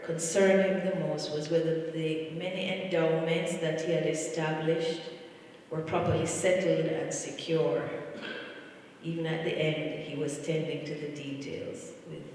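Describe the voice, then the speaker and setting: Eulogy reader: man, slow and solemn, higher voice, far from the mic in a big echoing church. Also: a little mellow, slight background noise. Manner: measured, solemn delivery with repeated phrases. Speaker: family member giving a eulogy. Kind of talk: funeral eulogy. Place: large church.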